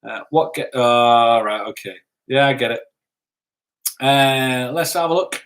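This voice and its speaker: A man's voice: mid-range voice, measured pace, fairly bright tone, a little hiss or hum. A man hosting a casual live stream, reading out viewer comments in a chatty, upbeat way. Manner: chatty, upbeat, laughs easily.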